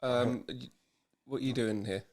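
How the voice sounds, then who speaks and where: Teasing podcast host. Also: male voice, medium pitch, fairly even intonation, a little slow, a little mellow. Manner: teasing, storytelling. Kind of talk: casual chat.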